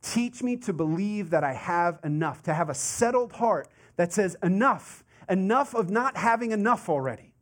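Animated high-voiced male preacher. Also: moderate pace, few pauses. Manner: conversational and animated, with asides and rhetorical questions. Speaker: pastor. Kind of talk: sermon.

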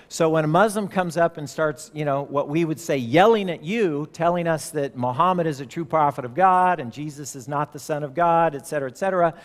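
A man's voice: fairly high pitch, in a large hall. A middle-aged man preaching a sermon, telling a story in a conversational, earnest way with frequent restarts.

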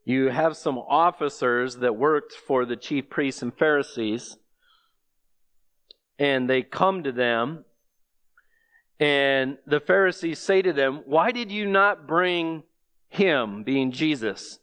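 A man's voice: mid-range voice, takes it slowly, pauses often, fairly bright tone, smooth. A man preaching a sermon, reading scripture aloud and pressing the listeners with rhetorical questions. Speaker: pastor.

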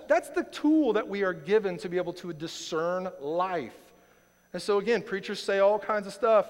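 Male pastor, fairly high voice, earnest emphatic sermon delivery, long hall reverb. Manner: earnest, emphatic, repeats lines for stress.

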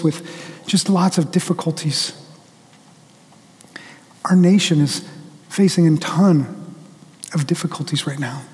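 High-voiced preacher in a reverberant hall. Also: male voice, darkish tone. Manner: storytelling preacher who acts out quotes. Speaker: pastor. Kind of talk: sermon.

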